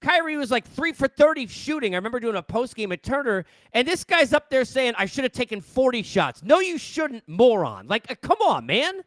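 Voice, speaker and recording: A man's voice: extremely high pitch, big pitch swings, normal speed, hardly any pauses, a bit bright, dry recording. A middle-aged man from New York, a sports host, ranting casually into a headset mic with exasperated rhetorical questions.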